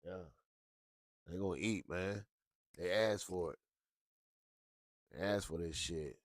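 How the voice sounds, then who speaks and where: A man hosting a casual talk show, ranting with lots of profanity and animated swings into high yelps. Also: slow, dry recording, clean studio sound. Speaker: show host.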